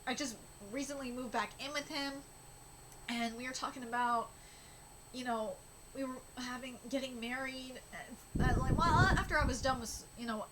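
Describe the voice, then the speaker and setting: A high-voiced woman reacts live to a manga chapter, her speech halting and full of restarts. Steady noise and clicks sit behind her voice. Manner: emotional, halting, many restarts.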